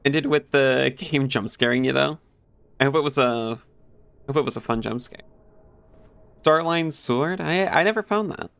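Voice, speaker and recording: A man's voice: mid-range voice, moderate pace, creaky, pauses often, fairly bright tone, clear, resonant tone, no room sound. A man streaming a video game, chatting casually with viewers and laughing at his own mix-ups. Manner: chatty, giggly, apologetic asides to chat. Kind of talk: casual gameplay commentary.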